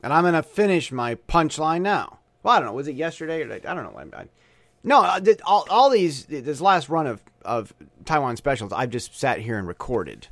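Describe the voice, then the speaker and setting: A man's voice: fairly high pitch, sing-song, moderate pace, a bit bright, no echo. Guy rambling solo into the mic, lots of stammers and restarts, dry dead sound. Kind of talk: rambling casual monologue.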